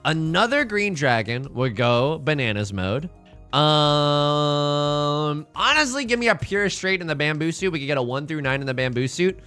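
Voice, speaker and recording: A young man streaming a mahjong game, chatting casually and joking with playful, drawn-out emphasis. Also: fairly high pitch, expressive, fairly bright tone, smooth, faint music behind. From China. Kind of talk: casual live-stream commentary while playing mahjong.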